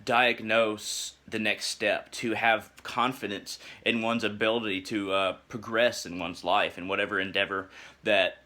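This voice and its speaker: A young man talks through a personal reflection in a fairly low voice that still sounds bright and forceful. He is earnest and halting, filling pauses with uhs and restarting his sentences as he gropes for the right words. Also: level tone.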